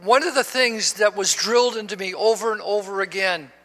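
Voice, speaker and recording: High-voiced older man preaching in a reverberant church. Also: brisk. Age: 60s. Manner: preaching, swelling to shouts with call and response. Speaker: pastor. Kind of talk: sermon. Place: church sanctuary. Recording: long reverb of a church hall.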